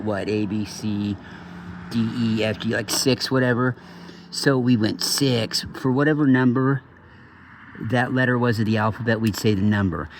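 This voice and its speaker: A man with a low, gravelly voice talks off the cuff for his channel. He swears freely and wanders from one aside to the next, circling back to finish his story. It sounds like loose, unscripted monologue talk. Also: noisy background. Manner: profane, digressive storyteller. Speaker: channel host. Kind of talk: rambling casual monologue.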